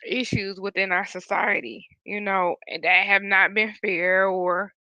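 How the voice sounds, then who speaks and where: A woman's voice: mid-range voice, fairly even intonation, takes it slowly, sharp tone, no echo, muffled recording. A woman hosting a podcast who speaks earnestly and is choked up and tearful. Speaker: podcast host. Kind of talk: casual podcast talk.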